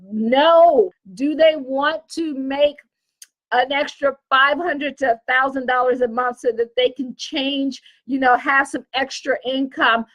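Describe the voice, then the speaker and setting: High-voiced Southern American woman coaching. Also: unhurried, low-quality recording. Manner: lively, repetitive, emphatic, self-correcting. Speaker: online business coach. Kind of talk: casual teaching talk to camera.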